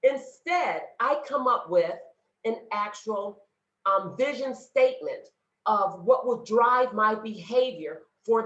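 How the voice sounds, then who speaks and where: A woman's voice: fairly high pitch, a bit bright. A woman speaking as a guest on a video call, giving an earnest motivational talk that addresses her audience directly. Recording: roomy, dull lo-fi call audio.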